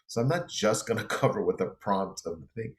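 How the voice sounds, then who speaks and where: A middle-aged man with a very deep, low voice gives an online college English lesson from his apartment. He talks in a relaxed, meandering way, full of ums and restarts. His throat sounds a little dry. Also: a little fast. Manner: relaxed, loose, many fillers and restarts. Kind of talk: online class lecture.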